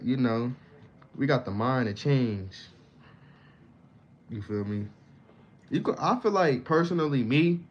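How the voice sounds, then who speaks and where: Young man, casual profane rant, dull lo-fi sound, faint hiss. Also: lowish voice. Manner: slangy, profane, rambling with sudden loud bursts. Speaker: vlogger.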